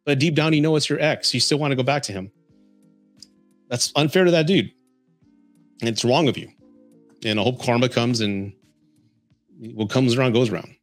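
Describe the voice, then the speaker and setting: A man's voice: mid-range voice, normal speed, long pauses, no echo, soft background music. Chuckling storyteller man from San Antonio. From San Antonio, Texas, US. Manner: chuckles often while telling stories. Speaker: podcast host. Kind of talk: casual storytelling and dating advice.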